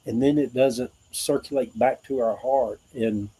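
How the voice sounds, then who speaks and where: A man's voice: medium pitch, steady tone, a little slow, mellow, breathy edge, rough recording. A middle-aged man with a Southern US accent, hosting a livestream and talking earnestly about hope and faith, rambling in a preacher-like way with asides to viewers. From American South. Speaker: livestream host. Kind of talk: informal spiritual livestream talk.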